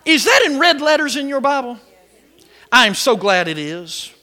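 A man preaching a sermon to his congregation, animated and building to shouts, with quick laughs and stammered restarts. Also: extremely high pitch. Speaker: pastor.

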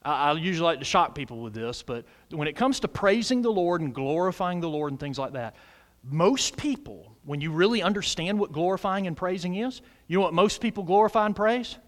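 Loud, animated preaching man. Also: brisk. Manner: loud, emphatic preaching with big pitch swings. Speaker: pastor. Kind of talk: sermon. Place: church sanctuary.

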